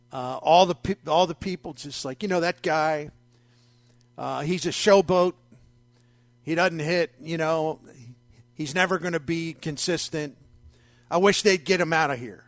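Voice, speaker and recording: A man hosting a sports talk radio show, talking in a wry, conversational, animated way into a studio mic. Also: high-pitched, no room sound. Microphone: studio microphone.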